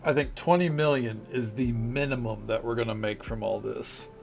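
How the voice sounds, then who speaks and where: Gravelly laid-back male streamer. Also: medium pitch, fairly even intonation, normal speed, over music. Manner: laid-back, swears casually. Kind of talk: casual gameplay commentary.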